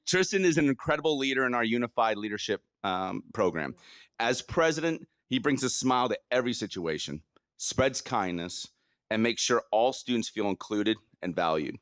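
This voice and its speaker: A man's voice: medium pitch, animated, moderate pace, a bit bright, no room sound, studio quality. A man giving a heartfelt, prepared award speech about a student from a podium. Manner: heartfelt, earnest, reading from notes. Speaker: school staff presenting a student award. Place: event podium.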